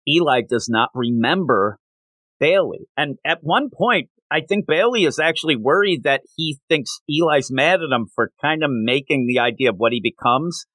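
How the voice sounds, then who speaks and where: Guy rambling through a comic recap on a podcast, dry close mic, gets animated and does little voices. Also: a little high, moderate pace, no room sound. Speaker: comic review podcast host. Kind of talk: casual comic book review chat.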